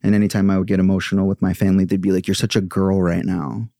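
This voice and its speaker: Brief: chatty male yoga teacher, deep gravelly voice, mellow, dry close sound. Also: little pitch movement, quick pace, no room sound. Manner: chatty, acts out quoted voices. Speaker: podcast guest, yoga teacher. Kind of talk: candid personal storytelling.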